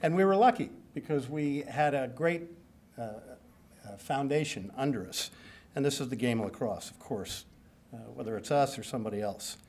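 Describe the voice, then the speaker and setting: A man's voice: medium pitch, moderate pace, a little mellow. A man in his sixties giving a hall of fame acceptance speech at a banquet, joking, self-deprecating and rambling.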